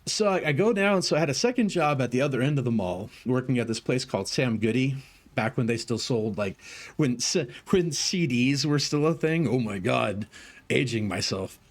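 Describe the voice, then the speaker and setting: A man's voice: mid-range voice, normal speed. A man streaming, telling long casual stories with lots of swearing and filler words. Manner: profane, rambling, animated in retelling. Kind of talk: casual storytelling chat.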